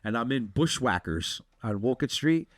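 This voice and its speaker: This podcast host talks at normal speed in a medium-pitched voice, recounting a wild tale. He's animated and swears freely in the casual conversation, peppering it with "dude."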